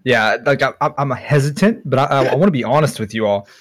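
A man's voice: medium pitch, quick pace. A man as a podcast guest in casual chat, hesitant, stammering as he restarts.

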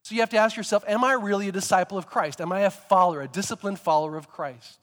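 A man preaching a sermon, telling stories in a lively way and sometimes rising to emphatic shouts. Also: sits high, fast, long reverb tail. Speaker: pastor.

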